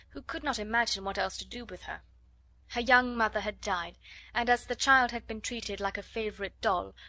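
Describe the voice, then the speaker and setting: A woman narrating a classic storybook in an expressive, measured reading. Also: medium pitch, dry recording.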